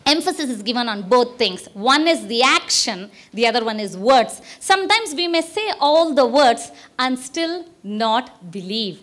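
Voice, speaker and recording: A woman pastor with an Indian English accent delivers a sermon in a high, bright voice. She preaches emphatically, swinging up into exclamations and repeating her key lines for weight.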